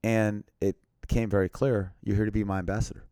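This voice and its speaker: A man earnestly telling a personal story as an interview guest, often dropping to a quiet, grave tone. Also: on the low side, little pitch movement, fairly quick, clean tone, dry recording, clean studio sound.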